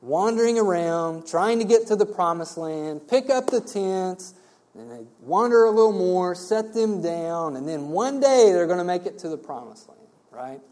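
A man's voice: sits high, expressive, normal speed, mellow. A man preaching verse by verse through a Bible passage in a conversational way, often checking in with the listeners. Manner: conversational, asks rhetorical "right?" checks.

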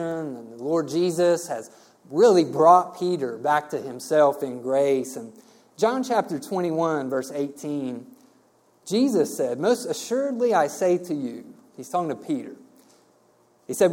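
Guy teaching thru a bible chapter, kinda high but warm voice, chatty, keeps asking "right?". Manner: conversational, asks rhetorical "right?" checks. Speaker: preacher.

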